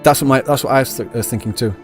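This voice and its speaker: A man's voice: medium pitch, racing. A man streaming a game live, chatting to viewers in a rambling, self-correcting way. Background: game audio and music.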